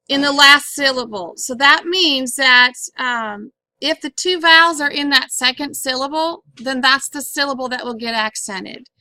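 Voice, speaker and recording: A woman's voice: high voice, pushed and bright, dry recording. A woman teacher explaining syllables and accent marks in a patient, step-by-step phonics lesson. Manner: clear, patient, step-by-step instructing.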